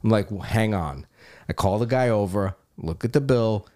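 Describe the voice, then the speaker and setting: A man's voice: lowish voice, normal speed. A middle-aged man telling a funny story in casual podcast chat, laughing and swearing as he goes. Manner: animated anecdote with frequent swearing and laughter. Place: Los Angeles.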